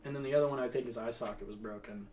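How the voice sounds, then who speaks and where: A man's voice: medium pitch, steady tone, rapid-fire, darkish tone, a little hiss or hum. A young man telling a rambling, laughing story in casual chat, swearing freely.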